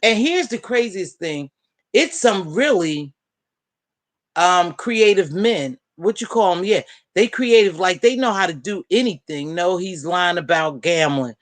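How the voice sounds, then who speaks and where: A woman hosting a casual live-stream panel, chatting and gossiping in an animated way and calling out friends by name. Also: fairly low pitch, unhurried, no room sound. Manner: animated, talks straight to viewers and friends by name. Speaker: panel host.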